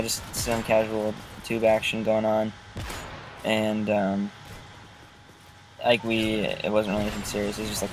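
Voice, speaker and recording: A man vlogging from inside his car, telling a story in a casual, rambling, joking way, with car noise in the background. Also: lowish voice. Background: passing car noise.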